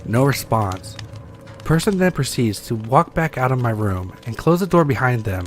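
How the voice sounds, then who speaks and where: A man reading scary stories aloud with a steady storytelling delivery that slows for tense moments. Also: medium pitch, faint music behind. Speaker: story reader.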